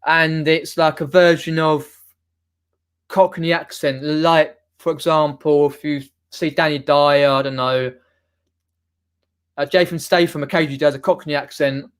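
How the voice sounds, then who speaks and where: Fairly high-pitched and clean in tone, this young man's voice keeps a fairly even intonation at a slightly slow pace. He's from near London in southern England, has a Mockney accent, and chats casually on a live stream, reading comments from viewers and rambling with many restarts.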